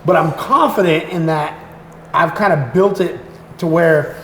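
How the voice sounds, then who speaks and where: An American man with a raspy voice, chatting casually as a podcast guest and telling relaxed stories. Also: fairly high pitch, measured pace. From United States. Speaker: guest content creator. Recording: echoey room with faint noise.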